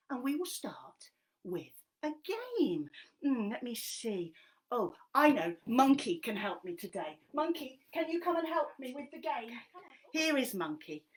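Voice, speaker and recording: Soft-spoken woman storyteller for children. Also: a little high, very animated. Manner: gentle, slow, softly spoken to young children.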